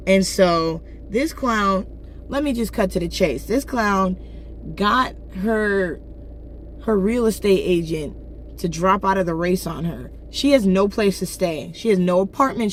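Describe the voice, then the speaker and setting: A woman casually retelling a novel's plot, slangy and blunt, jumping into characters' lines with quick voice changes. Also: medium pitch, a little hiss or hum. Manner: animated, acts out characters' lines in quick voice shifts; slangy, blunt asides and swearing. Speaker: book reviewer.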